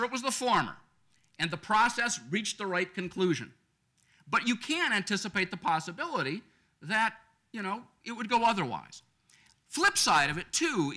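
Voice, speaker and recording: Bright, animated man arguing a point. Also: high voice. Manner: animated, argumentative, rhetorical questions. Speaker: panelist. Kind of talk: lecture-panel argument. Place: law school lecture event.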